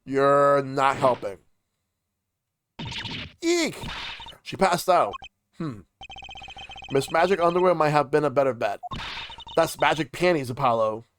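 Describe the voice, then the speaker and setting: A man's voice: a little high, normal speed, long pauses, slight background noise. A man streaming a visual novel game, reading the dialogue aloud and voicing each character, with casual asides.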